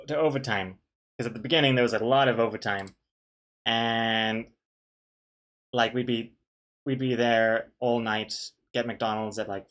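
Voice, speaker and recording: A young man talking in a loose, rambling way as he draws a comic live. He greets viewers by name, reads out their messages and makes fun of himself, and his voice sits at an ordinary middle pitch. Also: a bit bright. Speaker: streamer drawing a webcomic. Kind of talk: casual chat while drawing on a live stream.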